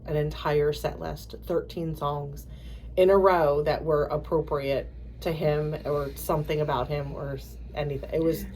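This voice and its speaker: Woman host, a bit low-pitched, animated storyteller who breaks into quoted voices, casual podcast chat. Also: a little hiss or hum. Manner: halting, many fillers and restarts.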